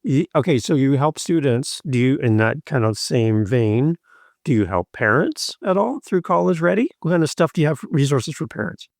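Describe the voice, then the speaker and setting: A man's voice: mid-range voice, animated, moderate pace, creaky, darkish tone, no echo, studio quality. A man hosting a podcast who asks questions in an easygoing, encouraging way with loose, chatty phrasing. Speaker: podcast host. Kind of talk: casual interview chat.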